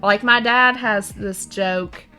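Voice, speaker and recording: A woman's voice: medium pitch, steady tone, sharp tone, faint music behind. A young woman with an Appalachian accent, chatting casually and explaining local words. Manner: unhurried, explaining dialect words. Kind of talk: casual chat.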